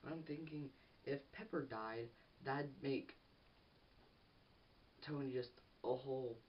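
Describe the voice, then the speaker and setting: A teenage boy rambles excitedly through a casual film review, restarting sentences and losing his thread. He sounds set back from the microphone, and the audio is dull and lo-fi with a faint hiss underneath. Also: medium pitch, takes it slowly, long pauses, recorded from a distance. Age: teens. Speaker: movie reviewer.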